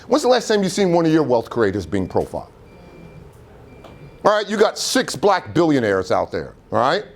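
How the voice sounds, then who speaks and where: A man with a fairly high pitch gives a motivational speech in an auditorium at normal speed. Like a preacher, he's animated and keeps posing rhetorical questions to the crowd.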